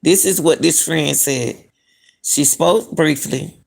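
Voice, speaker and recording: A woman's voice: sits low, takes it slowly, vocal fry. A middle-aged woman hosting a casual live-stream, talking to viewers as "y'all" and questioning what she reads. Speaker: commentary channel host.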